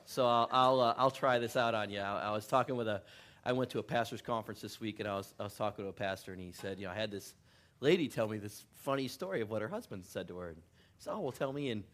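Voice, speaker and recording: This middle-aged pastor talks quickly in a fairly low, slightly bright voice as he gives a casual, humorous sermon in the church sanctuary. Chatty and quick to laugh, he keeps making jokes at his own expense.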